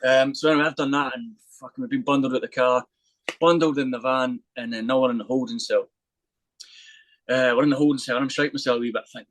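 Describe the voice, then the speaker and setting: Talking fast, a man on a podcast tells a rough anecdote laced with swearing, switching into quoted voices along the way. His pitch is middling and his intonation fairly even, and the recording is close and dry, with no room sound or echo, though it's rough in quality. The talk is casual storytelling.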